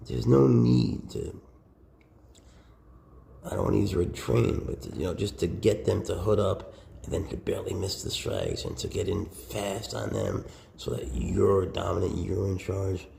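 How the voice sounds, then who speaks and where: A low, dark-toned man with a heavily gravelly voice talks casually to camera as a snake keeper. He coos baby talk and often sinks into a whisper. Between those moments he gives handling advice in an easy, conversational way. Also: expressive, a little slow, echoey room, a little hiss or hum.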